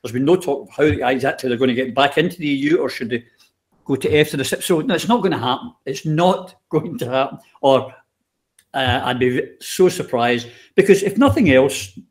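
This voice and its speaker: A man hosts the conversation in a mid-pitched voice. He speaks emphatically and presses his points with pointed rhetorical questions. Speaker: host. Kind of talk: conversational political interview.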